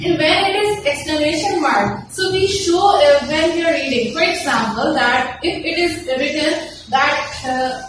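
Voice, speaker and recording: A woman teacher, explaining a lesson slowly with many fillers and restarts. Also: high-pitched. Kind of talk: classroom lesson. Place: classroom with a board. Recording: very echoey room, distant mic, noisy.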